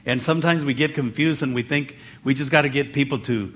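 A man preaching a Bible teaching sermon in a conversational way, jumping in pitch as he acts out the people he quotes. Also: fairly quick. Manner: animated, acts out quoted voices with pitch jumps; conversational with fillers and restarts.

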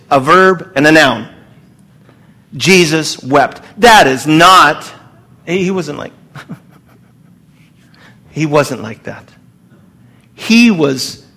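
A man preaching a sermon to his congregation in an earnest, emphatic way, pausing and restarting as he speaks. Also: on the high side, a bit bright. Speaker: pastor.

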